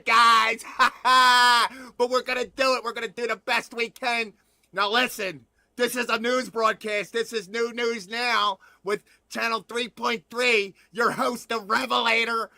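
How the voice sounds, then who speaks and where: High, gravelly, laughing man. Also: pushed and bright, no room sound. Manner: laughs a lot, drawls and repeats himself, dramatic. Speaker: host of an online news channel. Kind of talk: excited livestream monologue.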